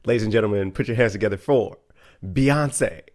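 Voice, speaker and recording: A man imitating a male pop singer teasing a crowd, in a sultry, smooth showman's voice. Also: on the low side, brisk, a little mellow, lightly acted.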